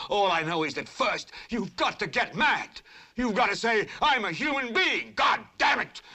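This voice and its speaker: An actor playing a furious middle-aged TV news anchor who rants on air in an impassioned, shouting tirade, hammering home repeated commands. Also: male voice, a little high. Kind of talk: 1970s film drama acting.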